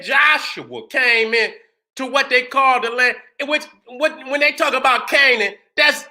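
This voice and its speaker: High, bright-voiced man preaching hard. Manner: emphatic and profane, often rising to shouts; keeps asking "you understand what I'm saying". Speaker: channel host. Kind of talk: impassioned commentary monologue.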